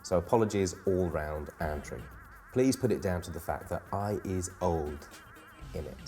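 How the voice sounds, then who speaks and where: A man's voice: sits low, moderate pace, warm tone, faint music behind. A man hosting a comedy gig guide in a playful, self-mocking way, wandering off into rambling asides. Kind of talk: jokey scripted presenting.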